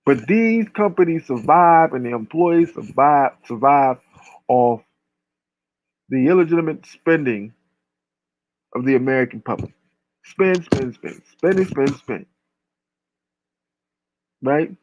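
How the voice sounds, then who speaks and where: A man's voice: medium pitch, lively intonation, takes it slowly, pauses often, dry recording, lo-fi sound. A man giving a casual rant, blunt and profane, piling up long lists.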